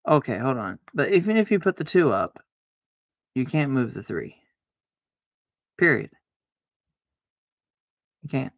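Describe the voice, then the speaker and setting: A man streaming a card game, chatting casually to himself, arguing back and forth aloud with sudden excited exclamations. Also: medium pitch, unhurried, gravelly, long pauses, dry recording, dull audio. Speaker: livestreamer playing solitaire. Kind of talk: casual self-talk while gaming.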